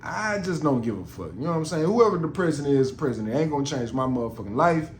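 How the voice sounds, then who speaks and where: A man's voice: fairly high pitch, lively intonation, fast talker. Rambling, profane male podcast host. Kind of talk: casual podcast monologue. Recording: roomy with faint noise.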